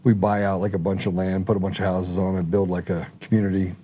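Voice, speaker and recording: Joking middle-aged male host, mellow tone. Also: sits low, little pitch movement, fast. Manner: joking, storytelling. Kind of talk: casual chat.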